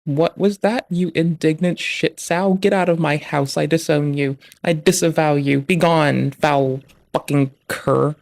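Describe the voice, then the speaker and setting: A man's voice: a little high, steady tone, a little slow, creaky. A man voicing an exasperated mother scolding her teenage hacker son, mock-motherly and theatrically harsh. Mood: indignant.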